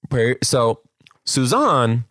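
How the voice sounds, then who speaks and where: A man co-hosting a casual chat, animated and laughing as he talks. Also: mid-range voice, very slow, no room sound, studio quality. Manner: animated, laughs while talking.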